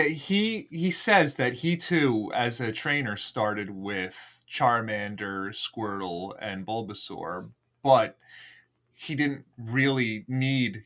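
A man's voice: fairly low pitch, fairly bright tone. Nitpicky male podcast co-host. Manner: detail-focused, nitpicky. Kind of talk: casual chat.

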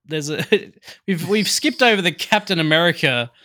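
With a fairly high, pushed, bright voice at normal speed, the man co-hosts a relaxed movie-review podcast. He meanders, uses plenty of fillers, and laughs readily.

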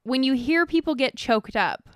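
A woman co-hosting a casual podcast, explaining things in a measured, wry way. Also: high voice, animated, dry recording, clean studio sound. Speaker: podcast co-host.

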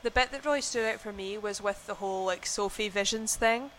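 Chatting casually about a film as a podcast co-host, a young woman gushes, using plenty of fillers and restarts. Her medium-pitched voice moves briskly, with a crowd audible behind her.

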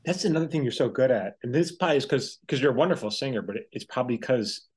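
A man's voice: medium pitch, expressive, quick pace, slightly rough. A man hosting a podcast interview, asking rambling questions that often restart midway. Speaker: podcast host. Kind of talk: casual interview chat.

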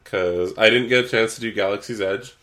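Low-ish voiced dude rambling on a podcast, swears a lot, super relaxed. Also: male voice, a little fast. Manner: laid-back, swears freely, rambling. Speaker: podcast co-host. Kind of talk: casual chat.

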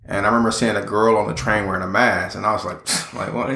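A young man co-hosting a casual podcast, giving dry, curt, deadpan comebacks. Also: on the low side, fast talker, gravelly, reverberant. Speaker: podcast co-host. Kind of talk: casual chat. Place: home studio in his house, echoey.

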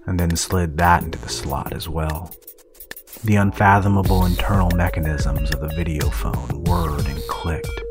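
A man hosting a podcast and narrating a story in calm, measured scripted narration on a close mic. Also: low voice, slightly rough, dry recording.

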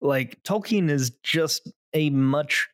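A man's voice: on the high side, slow, fairly bright tone, dry recording, studio quality. A young man hosting a casual tabletop-gaming podcast, rambling with lots of fillers. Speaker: podcast host, game master. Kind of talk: casual chat.

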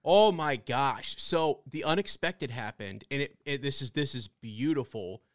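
A man co-hosting a podcast, telling stories with excited, animated energy and frequent restarts. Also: mid-range voice, unhurried, dry recording, clean studio sound. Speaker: podcast co-host. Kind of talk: casual fan discussion.

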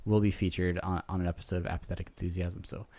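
Low-voiced man casually co-hosting a podcast. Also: fast talker. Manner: joking, relaxed plugging of the show. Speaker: podcast co-host.

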